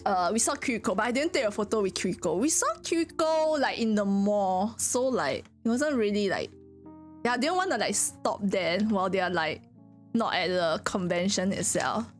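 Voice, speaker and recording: Giggly animated woman streamer. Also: medium pitch, moderate pace, faint music behind. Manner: giggly, animated storytelling with frequent laughter. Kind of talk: casual chat with stream chat.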